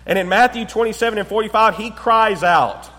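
A man preaching a Sunday sermon to his congregation. He asks rhetorical questions and pauses for effect, dropping to a low hush on key words. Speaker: pastor. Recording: long hall reverb.

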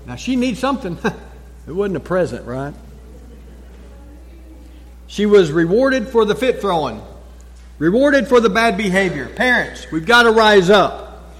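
A male pastor delivers a sermon in a fairly high voice. He stresses his points, repeats short phrases and leaves dramatic pauses. A long reverb trails each word through the church. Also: big pitch swings.

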